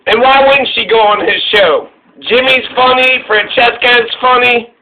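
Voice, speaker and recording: A man's voice: extremely high pitch, normal speed, sharp tone, slight background noise. A man hosting a casual reaction commentary, profane, exasperated and rambling. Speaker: host reacting to clips. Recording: phone-like narrow sound.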